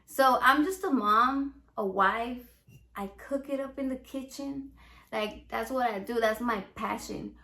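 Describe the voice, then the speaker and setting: A Mexican American woman with a Chicano English accent hosts a casual home cooking vlog. She talks in a brash, playful, profane way, and her voice sits a bit high. The sound bounces around a roomy home kitchen. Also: measured pace, sharp tone. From United States, Mexican American. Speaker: home cook and salsa seller. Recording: echoey room.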